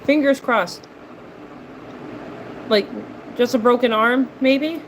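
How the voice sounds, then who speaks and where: A woman's voice: on the high side, takes it slowly, a little hiss or hum, low-quality recording. A woman hosting a livestream in casual chat, responding to viewer messages aloud in a playful manner and laughing often.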